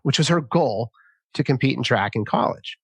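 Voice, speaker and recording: This fifties-aged podcast host has a mid-range voice with vocal fry and a breathy quality, speaking at a moderate pace. He interviews casually and with energy, performing quotes in a raised voice over echo-free sound.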